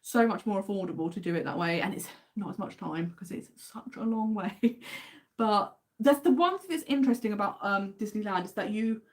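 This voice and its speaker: A woman's voice: medium pitch, normal speed. An English woman with an English accent, hosting a casual livestream and chatting enthusiastically while answering viewer comments. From England. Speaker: livestream host.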